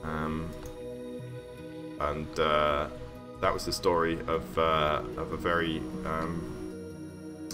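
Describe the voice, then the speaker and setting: A man with an extremely low, completely flat voice speaks very slowly and pauses often while casually streaming himself building a game level. He tells a rambling story full of ums and self-corrections, his streamed voice heard over background music.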